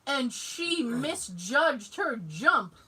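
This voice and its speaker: Lively, bright-voiced podcast host woman. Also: high-pitched, very slow, slightly rough. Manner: animated, laughs often, swears freely. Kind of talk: casual chat, storytelling. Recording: distant mic, noisy.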